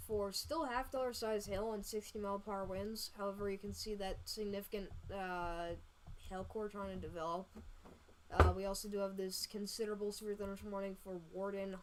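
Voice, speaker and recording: A woman hosting a live storm-tracking stream, talking casually over radar with many fillers and quick self-corrections. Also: medium pitch, a little mellow, low-quality recording. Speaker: storm-tracking livestream host. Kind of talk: live weather radar commentary.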